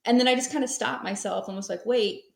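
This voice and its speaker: A woman's voice: fairly high pitch, quick pace, gravelly. Chatty woman telling her story. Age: 30s. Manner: rambling and conversational, with many fillers. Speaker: podcast guest, small business owner. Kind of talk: casual interview storytelling. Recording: echoey room.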